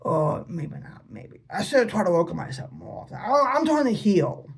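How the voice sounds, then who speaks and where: A man's voice: sits high, big pitch swings, normal speed, vocal fry, husky. A man vlogging an unscripted, rambling monologue to his father, repeating himself and asking pleading questions. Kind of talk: unscripted personal vlog monologue.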